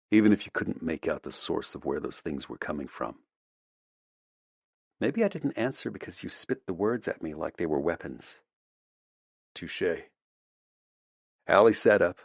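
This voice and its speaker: A man narrating a first-person audiobook in a measured, reflective way, close to the mic. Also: a bass voice, dry recording.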